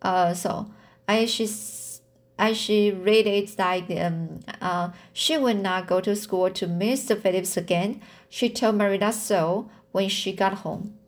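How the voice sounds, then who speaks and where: A woman reads a classic novel aloud at a slow, careful pace. She stumbles often, backing up with fillers and restarts, and her pitch sits in the middle range. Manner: halting, with slips, fillers and restarts. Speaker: amateur reader.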